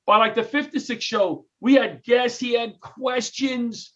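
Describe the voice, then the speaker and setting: A little slow this time, the middle-aged comedian and retired firefighter from New York spins stories as an interview guest with a comic's timing and acts out others' words. His voice is high for a man, and the recording is a bit dull and lo-fi.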